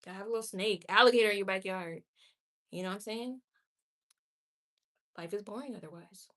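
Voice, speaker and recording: On her live stream, a woman talks casually and responds frankly to what viewers comment, laughing quickly and exclaiming often. Her voice is mid-range with a sharp tone.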